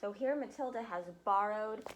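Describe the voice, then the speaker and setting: A woman reading a children's storybook aloud, pausing to explain words for young listeners. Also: medium pitch, slight background noise, poor audio. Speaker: reader.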